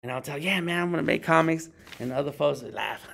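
Gravelly man giving a casual workshop talk. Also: animated, a little fast, fairly bright tone, a little hiss or hum. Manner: conversational, acts out others in high jokey voices. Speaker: working artist leading a meetup talk.

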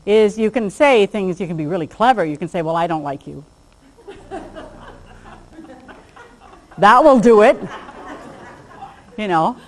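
A woman gives a relaxed lecture to a class on handling dogs. She keeps it chatty and acts out little exchanges as she goes. Now and then she laughs at her own jokes. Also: medium pitch, slow, pauses often, low-quality recording. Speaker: dog behavior trainer.

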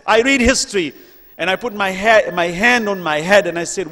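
A man giving an emotional religious lecture, building to loud questions and sinking to hushed, near-whispered passages. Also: sits high, moderate pace, in a large hall.

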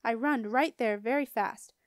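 Woman reading children's book aloud, lively narration, fairly high voice, dry close sound. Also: a little slow, dry recording. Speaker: storybook reader.

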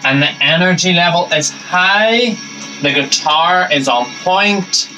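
A man with a high voice speaks slowly on a rough recording as he hosts a reaction channel. He offers upbeat, enthusiastic commentary on a concert performance while the concert music plays loudly behind him.

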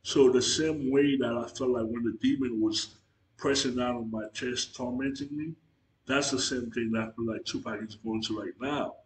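A man giving an earnest, halting religious testimony to the camera, repeating himself and restarting his sentences. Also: medium pitch, steady tone, slight background noise. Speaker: Christian video testifier. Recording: echoey room.

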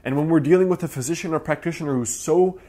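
A man's voice: on the high side, fast, mellow. Earnest man talking to camera. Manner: earnest, emphatic, acts out quoted voices. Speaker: acupuncturist and channel host. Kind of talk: direct-to-camera talk.

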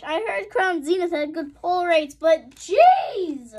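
High-voiced excitable woman opening cards. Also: slow pace, few pauses. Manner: excitable, gasping and exclaiming at pulls; reads card names in a list. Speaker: card unboxing vlogger. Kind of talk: casual unboxing commentary.

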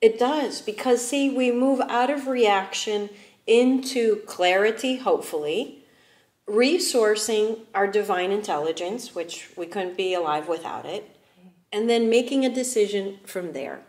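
A woman talking as a spiritual advisor guest, animated and laughing often as she explains. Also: medium pitch, unhurried, reverberant. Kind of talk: casual chat.

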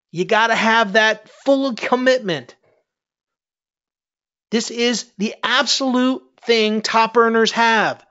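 A man's voice: sits high, pushed and bright, muffled recording. A middle-aged man, a network marketing coach, giving a fiery, preachy motivational talk and challenging his listeners.

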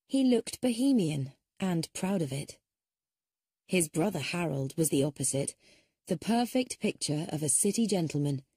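Low, mellow woman narrating an audiobook. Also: husky, no room sound, studio quality. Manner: shifts pitch to voice different characters. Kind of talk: scripted audiobook narration with character voices.

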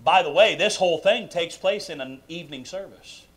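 A man preaching a sermon in a church sanctuary, emphatic and full of questions to the congregation, swinging between loud bursts and quiet asides. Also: fairly high pitch, moderate pace, slightly rough. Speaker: pastor. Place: church sanctuary during a live service.

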